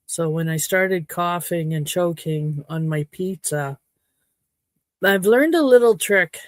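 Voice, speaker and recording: A woman from Saskatchewan hosting a casual livestream chat at home, rambling and frank, her throat a little hoarse. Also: lowish voice, takes it slowly, no room sound. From Saskatchewan, Canada. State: slightly hoarse throat after choking. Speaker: livestream host. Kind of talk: casual chat to a live audience.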